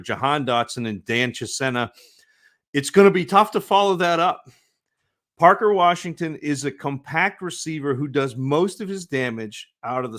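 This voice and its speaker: A man co-hosting a podcast, reading prepared scouting notes in a measured way. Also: medium pitch, a bit bright. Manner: measured, scripted evaluation. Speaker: podcast co-host, draft analyst.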